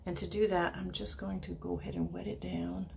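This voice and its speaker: A woman giving a casual watercolor painting tutorial, chatting and thinking aloud, and often dropping into soft murmurs as she paints. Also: lowish voice, sing-song, a little fast, vocal fry, slight background noise. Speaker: watercolor instructor.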